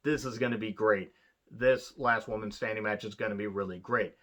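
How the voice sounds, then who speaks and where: A man's voice: fairly low pitch, steady tone, moderate pace, fairly bright tone. A man giving a casual, profane wrestling review, blunt and sarcastic, rambling with restarts.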